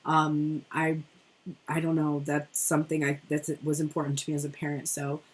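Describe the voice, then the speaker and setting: A woman's voice: low voice, monotone, normal speed, breathy edge. A middle-aged woman giving a casual tarot reading, chatty and rambling, who swears freely. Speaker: tarot reader.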